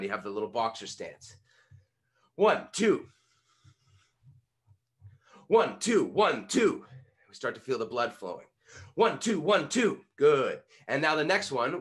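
A man in his thirties from Canada, coaching public speaking in an online workshop in an energetic, coaxing way, leading the listeners through exercises. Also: medium pitch. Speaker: pitch coach.

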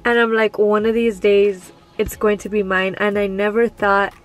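A woman in her twenties talking in a casual vlog, gushing and excited, full of "like" and "oh my god". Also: mid-range voice, moderate pace. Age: 20s. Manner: sleepy early-morning whisper. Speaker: vlogger.

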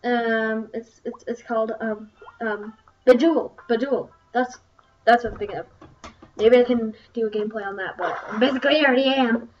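A woman's voice: fairly high pitch, steady tone, fairly quick, a little hiss or hum. A young woman casually commenting on browser games as she plays, chatty and wandering, with many ums. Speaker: gaming channel host. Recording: distant, dull lo-fi mic with faint music. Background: faint game music.

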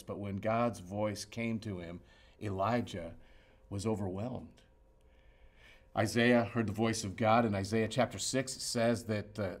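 Low-voiced man preaching with swings in volume. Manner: expressive preaching, swinging between loud emphasis and hushed asides. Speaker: pastor. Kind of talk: sermon.

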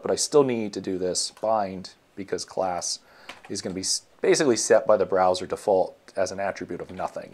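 A man walking through his code in a casual screencast, thinking aloud with many ums and self-corrections. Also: deep voice. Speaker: web developer teaching. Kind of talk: casual screencast coding walkthrough.

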